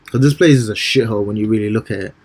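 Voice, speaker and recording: A man reading scripture slowly and commenting on it in a casual, preachy way, often stumbling and repeating words. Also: lowish voice, a little mellow, husky. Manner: slow, measured scripture reading. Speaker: street preacher.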